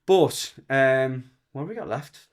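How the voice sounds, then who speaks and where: A man's voice: mid-range voice, lively intonation, slow pace. A British man on a podcast, telling a personal story in a rambling, emotional way with lots of quoted dialogue. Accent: British English. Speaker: podcast guest. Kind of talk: casual storytelling chat.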